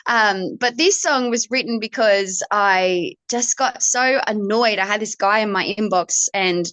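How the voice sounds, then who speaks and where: A woman's voice: medium pitch, unhurried, no echo. A young adult woman with an Australian accent, a country-pop singer telling stories in a casual interview and acting out the voices she quotes. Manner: animated storyteller, acts out quoted voices.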